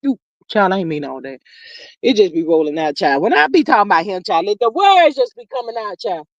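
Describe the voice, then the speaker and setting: A woman hosting a casual gossip livestream, reading chat comments aloud and drawling slang, swinging between loud calls and low murmurs. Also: very animated, brisk, dry recording, highs cut off. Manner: drawling Southern slang, says child a lot, reads comments aloud.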